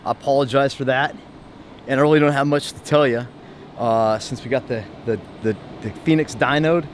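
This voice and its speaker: A man's voice: medium pitch, steady tone, moderate pace, a little hiss or hum. A man chatting casually in his home welding shop, rambling with lots of fillers and restarts. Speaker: vlogger showing his shop. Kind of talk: casual vlog chat.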